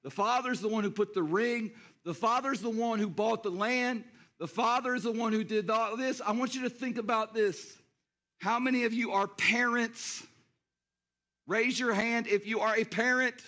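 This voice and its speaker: A man's voice: very high voice, steady tone, normal speed, pushed and bright. A male pastor preaching a sermon, addressing the congregation directly and acting out scenes.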